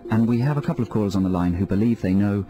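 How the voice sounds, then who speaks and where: A male radio host doing deadpan mock-hypnotist patter with callers, speaking into a studio microphone. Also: on the low side, racing, highs cut off, music in the background. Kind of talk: comedy radio banter.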